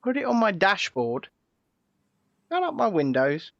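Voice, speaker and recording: Man, co-host, casual live-stream chat, animated storyteller, very dry sound. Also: sits high, a little slow, gravelly, dry recording, lo-fi sound. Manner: animated storyteller, repeats words while telling a story.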